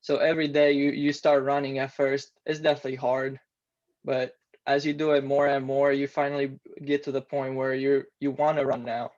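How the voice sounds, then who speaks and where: A man's voice: mid-range voice, little pitch movement, moderate pace, a little mellow, highs cut off. A man of about twenty with a Romanian accent, a native Romanian speaker, telling his story in a plain, matter-of-fact way as an interview guest. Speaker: interview guest, former student athlete. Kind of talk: casual interview.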